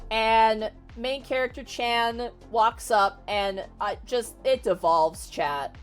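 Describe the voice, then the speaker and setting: A young woman streamer casually retelling a novel for her chat, animated and exasperated, swearing freely. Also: on the high side, slow, clean tone. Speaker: VTuber streamer. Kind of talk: casual livestream book retelling. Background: faint music.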